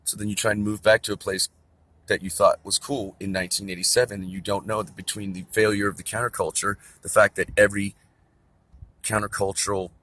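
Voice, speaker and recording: A man's voice: on the low side, pushed and bright. A man delivering an angry, profane, rambling rant to camera outdoors near a store. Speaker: vlogger. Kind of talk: ranting monologue to camera.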